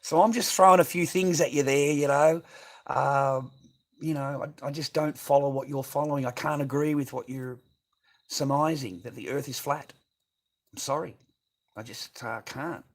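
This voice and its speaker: A man's voice: mid-range voice, fairly even intonation, normal speed. Rambling, foul-mouthed Australian man. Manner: rambling, heavy swearing, constant filler words. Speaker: livestream host. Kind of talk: casual livestream chat, reading viewer comments.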